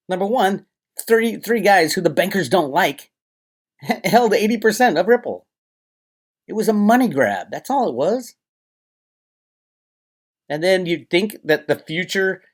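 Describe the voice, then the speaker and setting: A man hosting his own channel, delivering a heated, profane, sarcastic solo rant to his viewers. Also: on the high side. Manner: agitated, profane, sarcastic, ranting. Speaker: crypto commentator and channel host.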